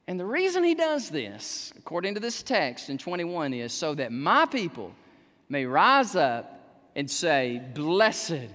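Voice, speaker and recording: A male pastor preaching a sermon in a church, animated, with sudden shouts and humorous asides. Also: extremely high pitch. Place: church sanctuary. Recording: echoey church hall.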